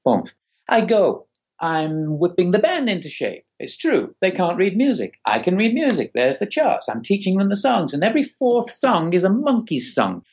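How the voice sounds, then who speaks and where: An older man from Manchester with a Manchester accent, a guest telling animated stories with laughter over a video call. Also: sits high, normal speed, husky. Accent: Manchester English. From England, Manchester. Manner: animated, laughing, acts out voices. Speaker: guest musician. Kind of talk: storytelling in a podcast interview. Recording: dull lo-fi Skype call.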